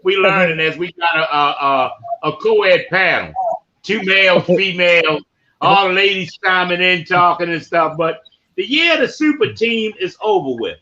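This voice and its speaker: A man hosting a live sports-talk podcast, loud and boisterous, trash-talking teams. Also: sits high, animated, normal speed, highs cut off. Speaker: podcast host.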